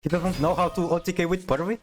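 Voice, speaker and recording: A man streams a card game and chats casually with his viewers, reading chat aloud and often stammering as he restarts sentences. His voice sits high, with fairly even intonation and a fast pace. Faint music plays behind him.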